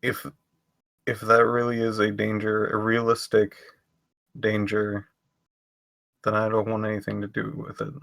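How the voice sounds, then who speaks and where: A man's voice: fairly low pitch, monotone, measured pace, gravelly, long pauses, a bit bright, dry recording. A man voicing an earnest, hesitant young man who stumbles over his words.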